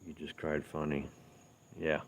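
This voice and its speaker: A man hosting a casual livestream outdoors at night, chatting easygoingly as he answers viewers while walking on gravel. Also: monotone, measured pace, a little hiss or hum. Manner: easygoing, rambling, low-key. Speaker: livestream host. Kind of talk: casual live-stream chat, reading viewer comments.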